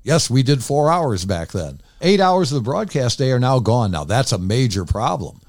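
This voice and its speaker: Older guy, ex-dj, chatty, wanders off into asides, middle pitch. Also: very animated, normal speed, darkish tone, dry recording, clean studio sound. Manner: rambling, candid, with many asides. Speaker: former radio DJ, guest. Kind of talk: casual storytelling interview.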